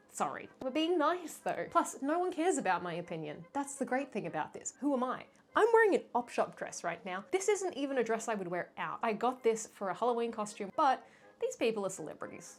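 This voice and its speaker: A young woman vlogger chatting casually, playful and self-mocking, with animated asides. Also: a little high. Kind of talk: casual chatty fashion ranking.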